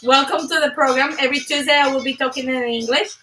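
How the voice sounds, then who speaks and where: Bright high-voiced animated woman host. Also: fast, recorded from a distance, poor audio. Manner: animated, emphatic, laughs often. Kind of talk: live motivational talk show.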